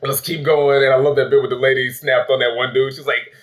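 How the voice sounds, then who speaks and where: Male host, casual review chat, loose and profane, mid-pitched voice. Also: little pitch movement, quick pace, a bit bright. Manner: loose and profane, acts out quotes with laughs. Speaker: host of a movie review channel.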